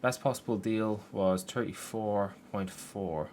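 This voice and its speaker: A young man narrates his own football game from his bedroom in a fairly low voice. He keeps breaking into frustrated, sweary outbursts at the players and the game. A faint hum of keyboard typing sits behind him. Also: fairly even intonation, measured pace, a little mellow. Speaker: gaming YouTuber. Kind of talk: gameplay commentary. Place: his room at home.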